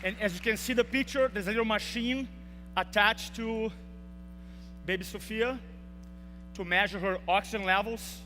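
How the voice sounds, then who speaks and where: A man's voice: high-pitched, fairly even intonation, moderate pace, pauses often, over music, a crowd in the background. A young man giving a motivational speech in a large hall, telling an emotional story and acting out the quotes. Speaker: speaker. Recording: reverberant hall with faint hum.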